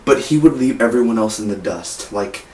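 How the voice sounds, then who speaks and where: A man's voice: lowish voice, expressive, normal speed. A man reviewing a movie in casual talk, rambling with many fillers and restarts. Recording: roomy echo, mic far off, faint hiss.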